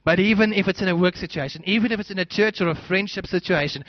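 A man's voice: high voice, fast, hardly any pauses, dry recording, dull audio. A man preaching a sermon as pastor, acting out little scenes as he goes.

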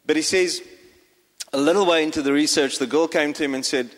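A man's voice: fairly high pitch, brisk. A pastor giving a sermon to his congregation, talking with frequent fillers and restarts. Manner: hesitant, many fillers and restarts. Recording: long hall reverb.

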